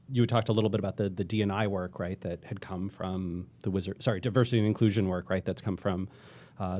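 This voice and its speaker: Man, podcast guest; low, halting, searching for words. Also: darkish tone. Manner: hesitant, repeats words, many fillers. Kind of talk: casual chat. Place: studio.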